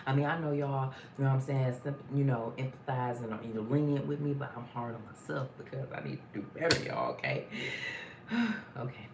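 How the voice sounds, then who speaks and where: A woman's voice: extremely low pitch, a little fast. A woman hosting a casual live stream, chatting in a slangy, easygoing way and sometimes singing greetings to her viewers. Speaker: live-stream host reading viewer comments. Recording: roomy echo with faint noise.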